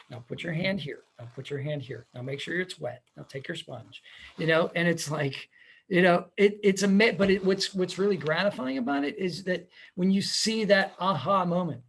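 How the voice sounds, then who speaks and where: A man hosting a podcast, chatting casually and telling animated stories with laughs. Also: high-pitched. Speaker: podcast host. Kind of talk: casual conversation.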